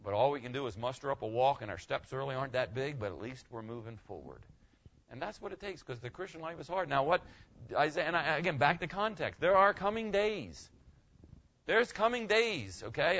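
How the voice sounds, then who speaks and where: A man's voice: a little high, fairly bright tone, highs cut off. An older man preaching a conversational sermon as a pastor, folksy and rambling, often asking "okay?".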